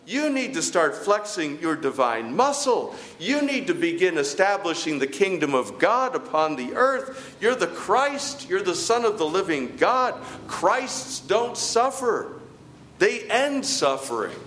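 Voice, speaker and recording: A man's voice: high-pitched, big pitch swings, measured pace, fairly bright tone, pitched above the performer's own voice, full character voice. A man preaching a sermon, voicing the apostle Peter as he scolds his teacher in exasperated disbelief. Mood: indignant. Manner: exasperated, incredulous rebuking.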